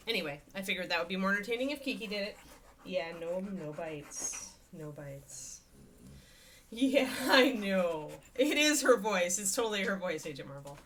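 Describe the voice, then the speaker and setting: Chatty, bright-voiced woman streamer. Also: mid-range voice, animated, fairly quick. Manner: chatty, rambling, self-amused. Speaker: livestreamer painting miniatures. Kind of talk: casual live-stream chat. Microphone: desk USB microphone at face level.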